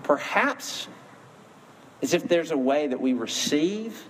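A man's voice: fairly high pitch, lively intonation, slow pace. A man preaching a sermon in an earnest storytelling manner, lifting his voice for emphasis, with faint ambient noise behind him. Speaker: pastor.

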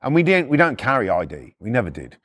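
A man's voice: huge pitch swings, fast, a bit bright, no room sound. A middle-aged man, telling stories in a blunt, swearing manner and acting out the quotes. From United Kingdom. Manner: blunt, swearing, acts out quotes with shifts in pitch. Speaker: podcast storyteller. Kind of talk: casual first-person storytelling.

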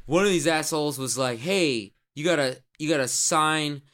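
A man's voice: a little high, moderate pace, a bit bright, lightly acted. A man voicing a brash, crude male jock team captain who rambles boastfully and swears constantly. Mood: swaggering rant. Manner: swaggering, profane, rambling storyteller.

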